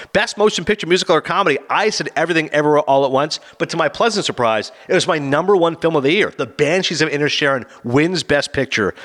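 Fast, bright-voiced man recapping awards. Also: on the high side. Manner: opinionated, quick, animated retelling. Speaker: podcast host. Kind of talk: casual awards recap chat.

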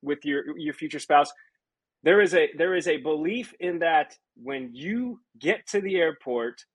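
A man's voice: a little high, big pitch swings, unhurried, gravelly, breathy edge. A man co-hosting a casual podcast chat, talking in emphatic, joking banter. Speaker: podcast co-host.

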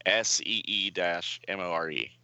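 Lower-voiced, bright man chatting. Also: a little slow, no room sound, lo-fi sound. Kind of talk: casual chat.

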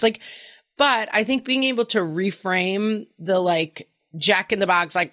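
A woman's voice: mid-range voice, moderate pace, dry recording, studio quality. A mother co-hosting a chat show, talking animatedly and acting out her kids' lines. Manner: animated, acts out quotes of her kids. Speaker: podcast co-host, parent. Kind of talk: casual chat.

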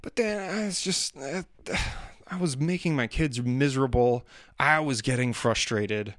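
A man's voice: mid-range voice, measured pace, fairly bright tone, no echo. Man, casual monologue, self-deprecating, rambling, dry recording. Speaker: father talking about daily life.

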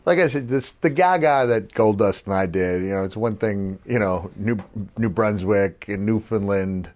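A middle-aged former wrestler co-hosts a podcast, telling old stories in casual conversation and laughing often. His voice is fairly low and a little mellow, at a normal pace.

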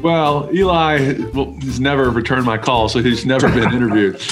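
A man's voice: medium pitch, steady tone, normal speed. A male podcast host with a mid-range voice who asks chatty questions and cracks jokes with his guest. Faint music sits behind him. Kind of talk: casual interview chat.

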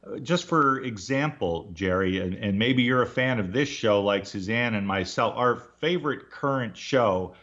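A man's voice: fairly low pitch, moderate pace, a bit bright, highs cut off. A man co-hosting a radio interview, enthusiastic and reacting with short interjections. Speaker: radio show co-host.

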